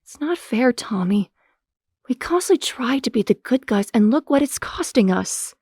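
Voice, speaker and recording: A woman's voice: fairly high pitch, expressive, moderate pace, dark tone, slightly rough, no room sound, studio quality. A young woman voicing a fierce, weary young woman hero in an audio drama, blunt and defiant.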